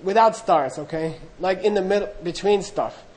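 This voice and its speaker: A man's voice: high voice, normal speed, a little mellow, low-quality recording. A middle-aged man telling a humorous, self-deprecating story to an audience in a loose, anecdotal way, acting out the dialogue. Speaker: speaker recounting monastery training.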